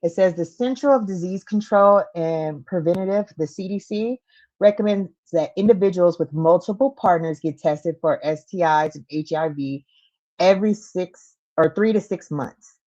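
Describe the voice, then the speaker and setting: A woman co-hosting a casual livestream, with a low, mellow voice. She reads out facts and hotline numbers slowly. The audio is dull and lo-fi. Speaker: podcast co-host.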